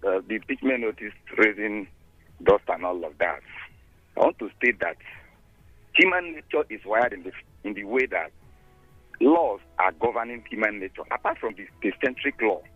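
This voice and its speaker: Guy calling in, slow and thoughtful, husky low voice, phone line sound. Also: lively intonation, dry recording. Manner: measured, philosophical, hesitant with fillers. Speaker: caller. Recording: tinny dry phone line.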